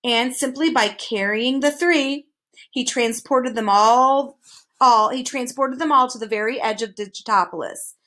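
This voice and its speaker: A woman's voice: fairly high pitch, a little slow. Woman reading a chapter book aloud. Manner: expressive, even narration. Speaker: reader. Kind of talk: storybook read-aloud.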